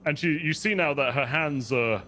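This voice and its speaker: A man's voice: a little high, normal speed, bright, forceful tone. A man narrating a tabletop game as game master, playful and descriptive, often laughing.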